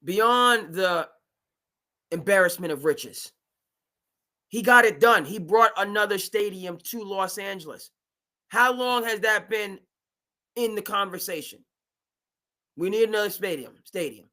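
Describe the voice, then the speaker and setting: Bright-voiced, emphatic sports talk host man. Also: high-pitched, measured pace, pauses often. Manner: animated, emphatic, mimics owners in asides. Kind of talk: live sports talk stream.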